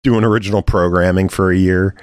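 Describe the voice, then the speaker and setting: A man's voice: low-pitched, steady tone, a little fast, a little mellow, smooth, no echo, clean studio sound. A man co-hosting a podcast, joking around and swearing casually. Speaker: podcast co-host.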